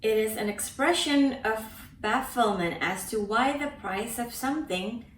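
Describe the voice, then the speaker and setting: Woman, language teacher, very slow careful delivery, word-by-word repetition, distant mic. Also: on the high side. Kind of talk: scripted language lesson. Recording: echoey room, distant from mic.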